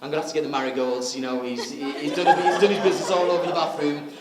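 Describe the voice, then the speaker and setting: A man's voice: on the high side, fairly even intonation, racing, pitched below the performer's own voice, close to an everyday voice. A man voicing a sensible young woman who gives firm, practical instructions, in an echoey hall with a crowd.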